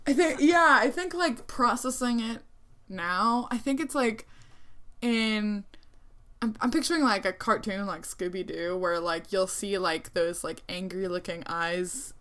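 A woman's voice: medium pitch, measured pace, a bit bright. Giggly young woman, rambling casual chat. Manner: giggly, rambling, many fillers. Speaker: vlogger.

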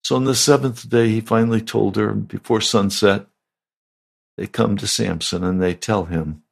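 A man's voice: fairly low pitch, fairly even intonation, moderate pace, vocal fry, husky. A male pastor preaching a sermon, retelling a Bible story and rising to emphatic peaks.

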